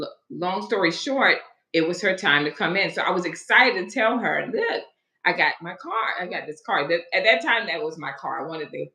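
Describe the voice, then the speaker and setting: A woman's voice: lowish voice, bright, forceful tone. A woman in her forties, a hairstylist hosting a live stream, telling a story in a chatty, digressive way and greeting viewers along the way. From Florida. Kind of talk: casual storytelling to a live audience. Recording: echoey room.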